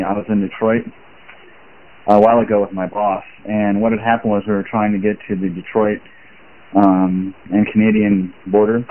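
A man calls in from his car and leaves a long, rambling voicemail, stringing thoughts together with plenty of ums. His voice sits low, and it comes through a thin, tinny phone line with a faint hiss behind it. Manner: rambling and chatty, many fillers. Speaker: caller, sales rep. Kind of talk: voicemail message to a podcast. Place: in a car while driving.

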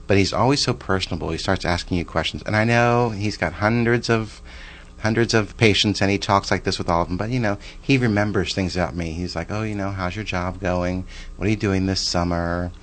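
A man's voice: low voice, fairly quick, a bit bright. A man in his forties telling a personal story in a chatty, rambling way, with restarts and side remarks. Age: 40s.

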